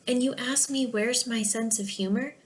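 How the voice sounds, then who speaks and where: A woman voicing a sick, tired little girl who speaks weakly, quietly and slowly. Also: fairly high pitch, slight background noise, natural voice. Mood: weary. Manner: weak, quiet, slow.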